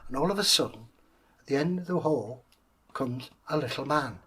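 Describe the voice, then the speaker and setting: A man's voice: medium pitch, lively intonation, moderate pace, sharp tone, slightly rough. A man telling a fairy tale in a chatty, jokey way as a channel host. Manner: chatty, jokey, conversational asides.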